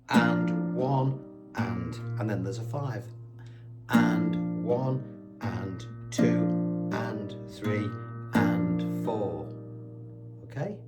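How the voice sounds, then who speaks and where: A man teaching a guitar lesson, chatty and reassuring, counting beats aloud as he plays. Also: medium pitch. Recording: guitar playing loudly behind the voice.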